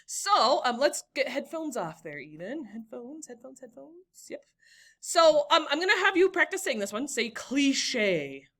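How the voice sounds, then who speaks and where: A woman's voice: high-pitched, big pitch swings, unhurried, fairly bright tone. A young woman teaching a classroom lesson, encouraging and talking to students by name.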